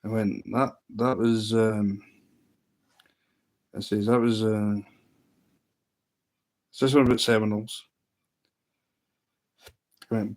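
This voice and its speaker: A man with a fairly low voice, chatting casually to his livestream viewers. He tells the story in a loose, amused ramble, stumbling and restarting as he goes. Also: little pitch movement, takes it slowly, long pauses, darkish tone. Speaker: livestream host.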